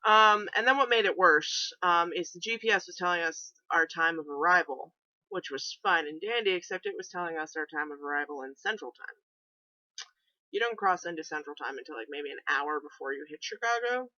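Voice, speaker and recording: A woman's voice: lowish voice, a little fast, sharp tone, dry recording, highs cut off. Young woman rambling thru a road trip story, lots of ums, sarcastic, dry close sound. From New England, US. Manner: chatty, sarcastic, many fillers. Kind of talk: casual storytelling vlog.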